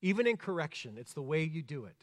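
A man preaching a sermon, earnest, rising to emphasis and dropping soft and slow. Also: fairly high pitch, sing-song. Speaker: pastor. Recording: long reverb of a church hall.

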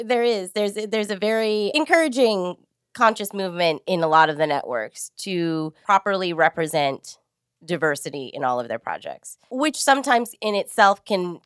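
A woman casting director talking candidly and laughing easily as a guest. Her voice sits a little low. It is recorded dry and close, with no room sound. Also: expressive, moderate pace, fairly bright tone, smooth, no room sound. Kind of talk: casual interview chat.

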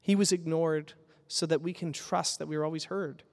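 A pastor preaching a sermon in an earnest, emphatic way, building with repeated phrases. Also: male voice, fairly high pitch, steady tone, normal speed, vocal fry, big-room sound.

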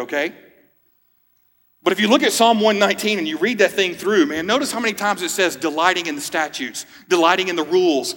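A man's voice: sits high, a bit bright, long reverb tail. A man in his thirties, a pastor, preaching a sermon in a conversational way with joking asides. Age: 30s.

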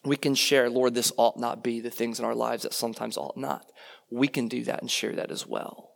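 A man's voice: medium pitch, steady tone, normal speed, gravelly, a bit bright. A man preaching a sermon in a conversational way, often tagging his points with "right?" and posing rhetorical questions.

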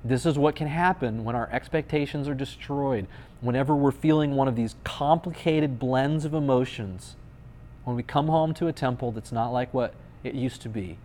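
A man's voice: medium pitch, normal speed, darkish tone, a little hiss or hum. Playful, conversational man preaching. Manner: conversational and playful, with dry humor. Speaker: pastor. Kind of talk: sermon.

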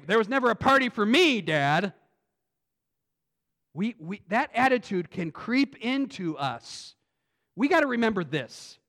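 A pastor preaching an earnest sermon that builds to emphatic points. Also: male voice, high-pitched, a bit bright. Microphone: phone on pulpit.

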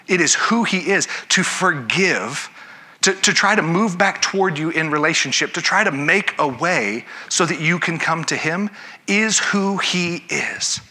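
A man's voice: fairly high pitch, sharp tone. A man preaching a sermon to his church, in a conversational way that corrects itself and puts questions to the congregation. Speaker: pastor.

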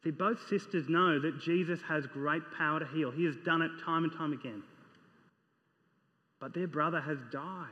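A man preaches with an earnest, questioning manner. His voice sits fairly high. The sound is dull, and a long reverb trails off each phrase as in a large hall. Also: normal speed. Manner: earnest, reads scripture aloud and asks the listeners questions. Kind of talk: sermon.

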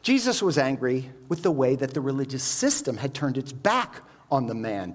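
A man preaching a sermon. He explains each point and keeps asking the listeners rhetorical questions. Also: a little high.

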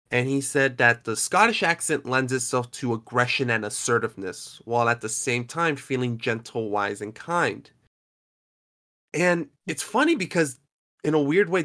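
A man's voice: mid-range voice, bright, forceful tone. A man hosting a casual podcast chat, talking in a chatty, rambling way with frequent restarts. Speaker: podcast host.

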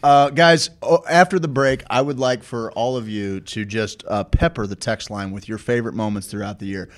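A man's voice: fairly low pitch, moderate pace. A man hosting a talk show, casual and profane, reading sponsor spots and inviting listeners to text in. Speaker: host.

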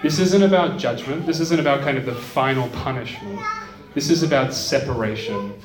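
A man's voice: medium pitch, normal speed. A man gives a conversational teaching talk on a psalm, often checking in with his listeners. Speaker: lecturer on the Psalms. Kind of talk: teaching talk with scripture reading. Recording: echoey room, mic at a distance.

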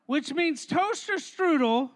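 A young man leads a youth service, his voice unusually high and bright in tone. He stays playful and energetic, bantering with kids between skits. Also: slow. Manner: playful, energetic, talks to crowd. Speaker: youth pastor. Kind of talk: youth sermon with skit.

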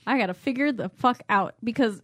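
A woman co-hosting a podcast in casual chat, blunt and jokey and quick to swear. Her voice sits a little higher than most. The sound is dry and close. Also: dry recording. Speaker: podcast co-host.

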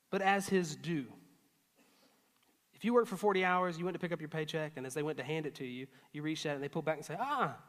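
A male pastor preaching a sermon, swinging between loud emphatic lines and hushed, earnest asides. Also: high voice. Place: church auditorium. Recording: long hall reverb.

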